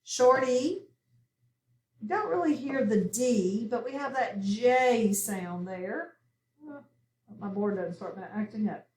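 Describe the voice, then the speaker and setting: A woman teaching a phonics lesson to children, speaking slowly and clearly with patient classroom instruction. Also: fairly high pitch, expressive, a little mellow. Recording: echoey room, voice from far off.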